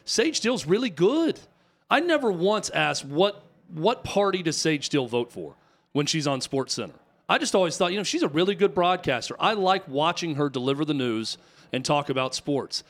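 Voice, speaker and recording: A man's voice: on the high side, expressive, moderate pace, a bit bright. Emphatic male sports radio co-host. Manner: emphatic, repetitive rhetorical questions. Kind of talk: opinionated talk radio commentary.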